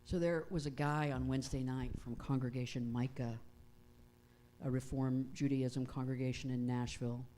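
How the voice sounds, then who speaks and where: A woman pastor giving a conversational sermon, reading prayers slowly and reflectively. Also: rumbling low, fairly even intonation, mellow. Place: church sanctuary.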